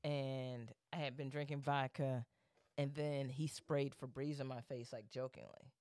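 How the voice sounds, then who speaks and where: A man's voice: medium pitch, little pitch movement, measured pace, a little mellow, smooth, no room sound, clean studio sound. A young man co-hosting a podcast, telling a story animatedly, swearing freely and acting out what people said. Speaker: podcast co-host. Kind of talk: casual storytelling chat.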